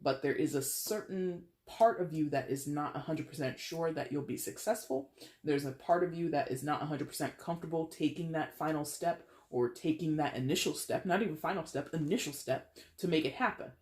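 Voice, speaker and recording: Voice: mid-range voice, a little fast, a little mellow. Chatty tarot reader in an echoey room. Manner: chatty and playful, with dramatic exaggeration. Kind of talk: casual tarot reading monologue. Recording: roomy echo.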